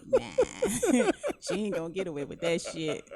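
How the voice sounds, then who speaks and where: Outspoken female podcast co-host, emphatic, lower voice with wide swings. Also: wildly swooping pitch, measured pace, vocal fry, mellow. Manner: blunt and emphatic. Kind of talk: casual chat.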